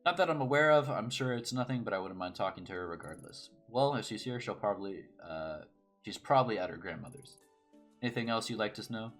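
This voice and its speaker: A man's voice: fairly low pitch, lively intonation, a little fast, a bit bright, soft background music. A man voicing a chatty, self-important station attendant in a game. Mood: helpful. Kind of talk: reading game dialogue aloud.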